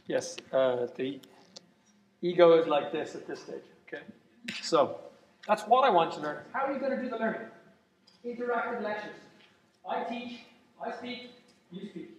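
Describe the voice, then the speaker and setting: A man's voice: high-pitched, expressive, normal speed, pauses often. A man giving a university lecture to students, joking and emphatic, often repeating his phrases. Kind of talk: classroom lecture. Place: lecture hall. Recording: echoey lecture hall from far off.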